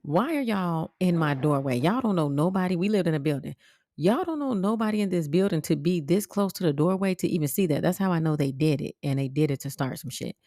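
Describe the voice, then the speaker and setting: Gravelly low-voiced woman telling a story. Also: fairly quick, no echo, studio quality. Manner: blunt, profane, animated retelling. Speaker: podcast host. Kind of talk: casual storytelling monologue.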